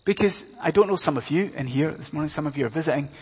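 In a church hall with reverberant sound, a man preaches a sermon emphatically, asking the congregation many rhetorical questions. His voice is a little high and a little mellow with a breathy edge, and he speaks at a quick pace.

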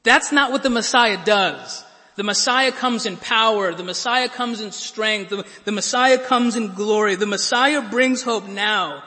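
A man's voice: high voice, measured pace, pushed and bright, pitched above the performer's own voice. A man preaching a sermon and voicing a bold, impulsive male disciple who protests with indignant emphasis. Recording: long reverb of a large hall.

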